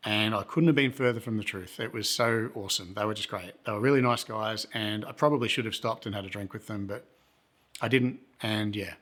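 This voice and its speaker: A man's voice: on the low side, brisk, a bit bright. Laid-back man telling a story. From Australia. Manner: rambling, self-correcting, laid-back. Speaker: travel vlogger. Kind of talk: casual storytelling to camera.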